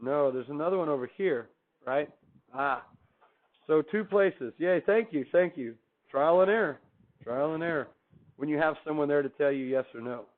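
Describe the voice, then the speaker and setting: A man's voice: on the high side, moderate pace. A man teaching a math class, chatty and upbeat, putting questions to the class and answering them himself. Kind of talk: classroom lecture. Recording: tinny, phone-like recording.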